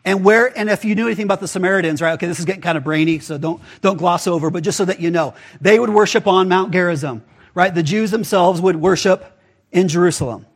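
Husky high-voiced man preaching casually. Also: fast. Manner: casual, conversational preaching with rhetorical questions. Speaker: pastor. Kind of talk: sermon.

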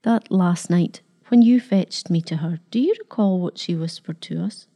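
A woman doing a gentle old vicar. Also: on the low side, normal speed. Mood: earnest. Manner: soft, quiet and gentle. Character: gentle, kindly old male village vicar.

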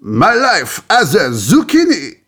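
A man voicing an over-the-top French game show host with a deliberately bad French accent. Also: high-pitched, wildly swooping pitch, fairly bright tone, husky, pitched above the performer's own voice, exaggerated voice. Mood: announcing.

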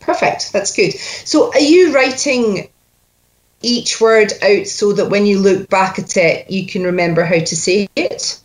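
A woman coaching a learner line by line, patiently repeating words slowly for him to copy. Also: mid-range voice. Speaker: dialect coach.

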